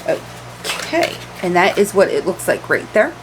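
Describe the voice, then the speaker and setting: A woman's voice: on the low side, big pitch swings, measured pace, background noise. A woman chatting casually as she unboxes beauty products, candid and repeating words for emphasis, in a room lit by a ring light. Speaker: beauty vlogger.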